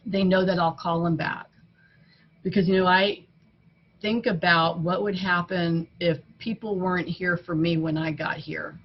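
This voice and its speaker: A woman's voice: on the low side, flat delivery, measured pace. Older lady sharing her story at a meeting, earnest and chatty, slightly dull recording w/ light background noise. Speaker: speaker at a recovery meeting. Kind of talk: personal testimony.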